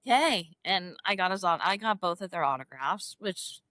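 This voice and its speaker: A middle-aged woman telling a personal story as a podcast guest, animated and emotional, acting out quoted dialogue in a higher voice. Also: normal speed, no room sound. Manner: emotional, self-described crier. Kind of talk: casual storytelling interview.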